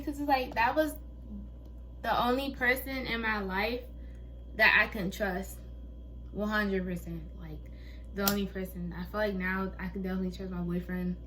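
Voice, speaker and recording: A woman's voice: mid-range voice, fairly bright tone, far from the mic. A young woman in her twenties talks candidly to camera, with lots of fillers and restarts. Her voice sits a little back from the mic in an echoey room, with faint ambient noise behind it. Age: 20s. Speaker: vlogger. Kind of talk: personal storytime vlog.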